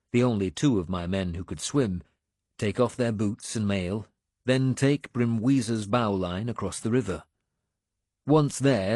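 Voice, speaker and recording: A man narrating an action audiobook in measured storytelling style, close to a studio microphone. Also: no echo. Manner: measured storytelling, lively pitch. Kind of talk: scripted narration.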